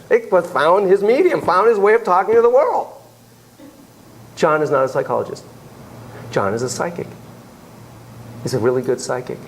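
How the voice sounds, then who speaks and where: A middle-aged man lecturing on psychotherapy to a class, telling stories in an animated, digressive way full of asides. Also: on the high side, a little hiss or hum, poor audio. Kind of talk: lecture with storytelling.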